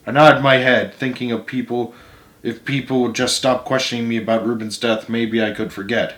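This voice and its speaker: A man reading a novel aloud as storyteller, steady, with small self-corrections. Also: medium pitch, normal speed. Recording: roomy echo.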